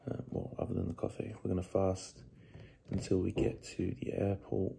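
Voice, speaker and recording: A young man talks through his day in a loose, rambling vlog, worn out from a sleepless night and swearing casually. His voice sits low with a gravelly edge, and steady noise runs behind him. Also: normal speed. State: tired, sleepless. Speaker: bodybuilder vlogger.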